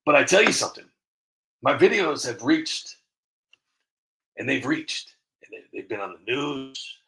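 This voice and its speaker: A man's voice: mid-range voice, big pitch swings, unhurried, a bit bright, rough recording. A man giving opinionated commentary to camera, rambling and repeating himself with frequent restarts. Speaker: video creator.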